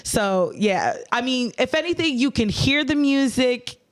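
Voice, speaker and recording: A young woman co-hosting a casual podcast, chatty and animated, swearing casually. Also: high-pitched, measured pace. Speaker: podcast co-host.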